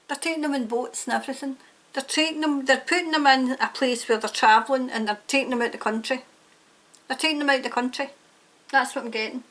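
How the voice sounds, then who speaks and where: Brief: woman tarot reader, high bright pitch, emphatic and fired-up, ranting monologue. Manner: emphatic, indignant, prone to ranting. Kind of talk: tarot reading monologue to camera.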